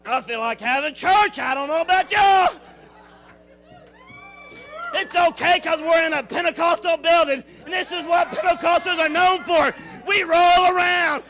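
A man's voice: extremely high pitch, moderate pace, fairly bright tone, soft background music. A middle-aged man, giving a fervent Pentecostal testimony in a church with a folksy preacherly cadence. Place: church building.

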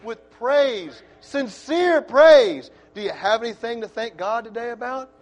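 A middle-aged man preaching a sermon in church, excitable and folksy, breaking into shouts. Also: extremely high pitch, moderate pace, soft background music.

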